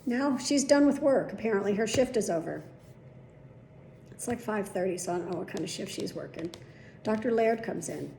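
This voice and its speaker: A woman's voice: mid-range voice, animated, moderate pace, vocal fry, warm tone. A woman telling a story to camera in a blunt, indignant, heavily profane way. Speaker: video blogger. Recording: echoey room with faint background noise.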